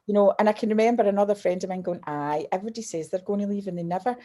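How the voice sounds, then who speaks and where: A Scottish woman in her fifties, a guest telling lively stories in casual chat, often breaking off and restarting her sentences. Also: medium pitch, rapid-fire. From Scotland. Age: 50s. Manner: lively storyteller, self-interrupting and restarting. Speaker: guest, business mentor and author.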